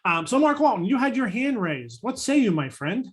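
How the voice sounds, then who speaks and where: A man's voice: very high voice, big pitch swings, normal speed, crowd noise. A man hosting a discussion session, praising the speaker and taking questions from attendees with a somewhat formal turn of phrase. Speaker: session host. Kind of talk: moderating a panel discussion.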